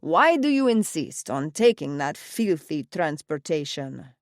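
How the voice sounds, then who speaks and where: A woman reading an audiobook, voicing a gruff, overprotective older father with an Italian accent who growls his orders. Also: fairly low pitch, expressive, a little slow, no echo, clean studio sound. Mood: scolding. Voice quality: growling, stern. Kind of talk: audiobook character voice. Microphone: close studio mic, dry.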